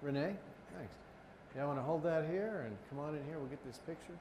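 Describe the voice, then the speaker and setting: A man's voice: fairly high pitch, noisy background. A man serving as a senior Navy officer, chatting and joking with sailors and their families at a photo line. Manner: friendly, joking, asks quick questions. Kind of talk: casual greetings at a group photo line. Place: large naval base gathering. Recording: lively crowd around the speaker. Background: crowd of sailors and families.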